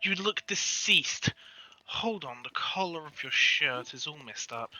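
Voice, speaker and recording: A man reads the part of a dry, monotone woman mage who speaks flatly. His tone is very bright and sharp, pitched somewhat high. It is a casual fan story reading. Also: unhurried, exaggerated voice, poor audio. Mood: deadpan. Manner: flat, deadpan delivery.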